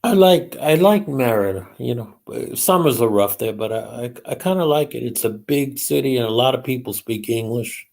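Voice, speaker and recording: A man's voice: medium pitch, expressive, brisk, gravelly, few pauses, darkish tone. A man chatting casually on a livestream. He mostly gives short, laid-back replies. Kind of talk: casual chat.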